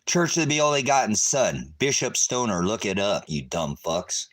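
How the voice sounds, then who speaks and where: A man ranting at his viewers on a livestream, cursing and taunting them, swinging between shouting and low muttering. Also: very animated, normal speed, a little hiss or hum. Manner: angry, cursing, taunting, repeating insults. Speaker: ministry livestreamer. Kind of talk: profane livestream rant at viewers.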